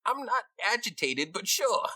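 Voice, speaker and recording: A man putting on Chuck, an excitable slangy giant rat. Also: high voice, moderate pace, no echo, pitched above the performer's own voice, full character voice, low-quality recording. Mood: eager. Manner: excitable, rough slangy talk. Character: chatty male giant rat named Chuck.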